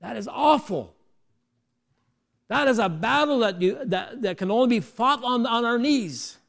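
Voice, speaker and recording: A man preaching a sermon, moving between quiet asides and loud, emphatic peaks, often asking the congregation rhetorical questions. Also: very high voice, lively intonation, measured pace, creaky.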